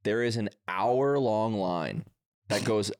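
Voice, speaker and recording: A young man co-hosting a podcast, telling stories in casual chat and acting out the quotes. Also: fairly low pitch. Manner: rapid storytelling, acts out quotes. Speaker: podcast co-host.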